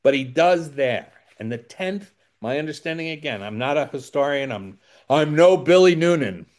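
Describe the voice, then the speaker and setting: A man's voice: a little high, expressive, moderate pace, darkish tone. A man giving a rambling storytelling talk to a recovery audience, digressive and self-deprecating with wry asides. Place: indoors by a window.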